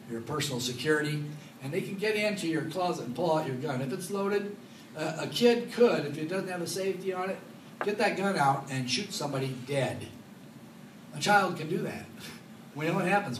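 A male pastor teaching through scripture, animated and playful with his congregation. His voice sits a little high for a man. He is picked up from a distance in a roomy, echoing hall with faint ambience behind him. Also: a little hiss or hum. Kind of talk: expository Bible teaching. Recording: echoey room, mic at a distance.

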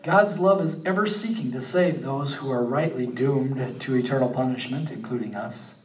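A man preaching a sermon, animated, rising to emphatic peaks and then dropping low and quiet. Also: moderate pace, reverberant, distant mic, rough recording. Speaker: pastor.

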